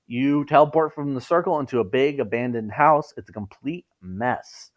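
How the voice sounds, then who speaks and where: A man's voice: medium pitch, moderate pace, few pauses. Man casually reading a fan story. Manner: casual, stumbling, laughs at the text. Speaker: reader of fan fiction.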